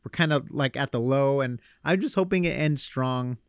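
A young man hosting a podcast, chatting casually in an animated way. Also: mid-range voice, clean tone, no room sound, studio quality. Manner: animated, quick asides and laughs. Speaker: podcast host. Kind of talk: casual chat.

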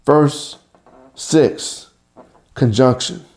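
A middle-aged male pastor teaching a sermon verse by verse, repeating and rephrasing key lines and slowing down to stress the scripture. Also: medium pitch, a little mellow.

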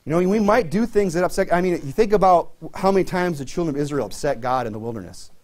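Conversational male preacher, higher voice. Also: animated, fast, darkish tone. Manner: conversational preaching with many fillers and restarts. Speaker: pastor. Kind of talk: sermon.

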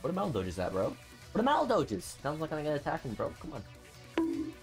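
A man talks through a video game as he plays it, his voice climbing and dropping in lively swings. He grumbles and swears in a loose, slangy way, with faint game music running underneath. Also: fairly high pitch, brisk. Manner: excitable, grumbling then cheering loudly. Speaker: video game channel host. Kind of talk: live gameplay commentary.

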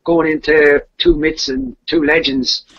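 A man's voice: fairly high pitch, very animated, unhurried, creaky, fairly bright tone, slightly rough. A man telling a legend in casual, rambling talk, with repeated fillers. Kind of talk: casual storytelling. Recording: dull lo-fi podcast audio.

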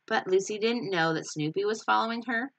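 A woman teacher reading a picture book aloud with expressive storytelling. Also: medium pitch, a little fast.

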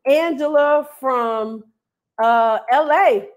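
A woman from North Carolina hosts a casual livestream for an online hair school, reading out viewers' names and laughing often as she welcomes them. Her voice is high-pitched and very slow.

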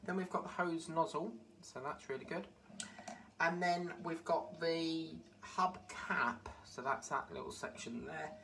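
A chatty man talks through a pile of model parts, rambling and delighted. He sounds set back from the mic, and steady background noise sits under his voice. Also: on the high side, measured pace, far from the mic. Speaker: model-building vlogger. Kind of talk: casual unboxing commentary.

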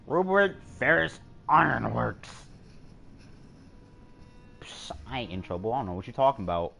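Excitable young man streaming gameplay. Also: medium pitch, moderate pace, gravelly, a little hiss or hum. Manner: excitable, swearing, jokey. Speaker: gamer streamer. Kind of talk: live-streamed gameplay commentary.

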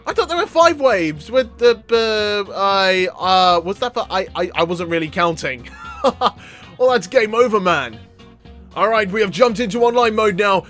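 A man hosting a gaming channel, giving excitable let's-play commentary full of yelling and laughter. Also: sits high, a little slow, soft background music.

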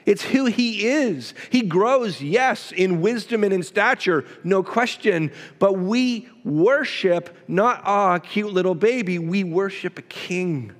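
Man, pastor, sermon, emphatic repetition, asides to the congregation, high voice, long hall reverb. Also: animated, takes it slowly, hardly any pauses.

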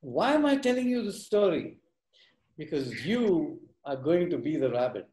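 A man leading a live workshop tells a fable to his group, with a voice a touch higher than most men's. He slips into voices for the animals and keeps stopping to quiz his listeners. The room around him is echoey. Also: moderate pace. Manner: animated, acts out characters, quizzes the audience. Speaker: workshop speaker.

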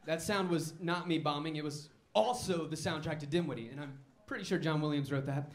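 A man's voice: on the high side, a little fast, roomy sound. A man doing a stand-up comedy set on a comedy club stage, telling wry, self-mocking stories.

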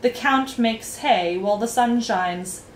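A woman's voice: fairly high pitch, a little hiss or hum. A woman voicing an impatient, pompous male king who bellows commands. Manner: loud, commanding, drawn-out lines. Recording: roomy echo, faint ambience.

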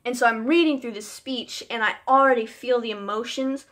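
A woman's voice: a little high, steady tone, moderate pace, a bit bright. A young woman vlogging casually, telling a personal story in a chatty, emotional way with lots of "like" fillers.

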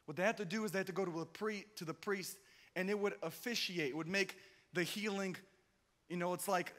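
A man preaching a sermon with drama, swinging between loud outbursts and hushed, slow passages. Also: sits high, fairly even intonation. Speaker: pastor. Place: church hall. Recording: hall reverb.

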